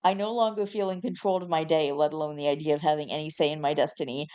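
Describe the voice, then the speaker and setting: A woman's voice: deep voice, steady tone, fast, a little mellow, clean tone. Woman dramatically reading a post. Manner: dramatic, mock-solemn reading with asides. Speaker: host reading online posts. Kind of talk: reading a post aloud to camera.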